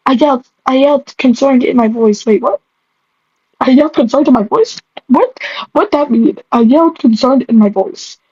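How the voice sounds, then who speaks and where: A woman's voice: fairly high pitch, a little mellow, slightly rough, dry recording. A young woman reading her old stories aloud and reacting, giggling at herself and stumbling over words. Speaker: vlogger. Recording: dull lo-fi mic.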